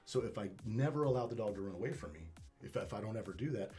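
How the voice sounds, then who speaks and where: Animated, low-voiced dog trainer, man. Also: quick pace, soft background music. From Northwest Arkansas. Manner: animated storytelling, acts out dog and owner with swearing. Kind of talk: casual interview.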